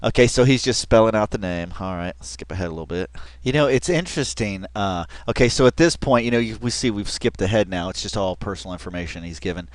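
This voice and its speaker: A man's voice: on the low side, quick pace, no room sound. A man giving casual reaction commentary on a video, rambling and chatty with lots of fillers and restarts, often laughing as he talks. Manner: laughs often while talking.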